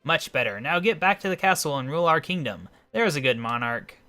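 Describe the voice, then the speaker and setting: A man's voice: on the high side, lively intonation, brisk, bright, forceful tone, soft background music, voice pushed up. A man voicing a snobbish, bossy queen who talks about herself as "one". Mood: scolding. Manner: pompous, calls herself "one". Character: haughty snobbish queen, bossy to her husband.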